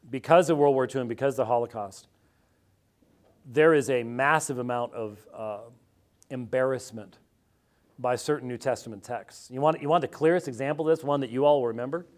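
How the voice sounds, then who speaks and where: Casting: American male theologian guest, wry, animated talker, mid pitch. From United States. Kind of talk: conversational interview answer.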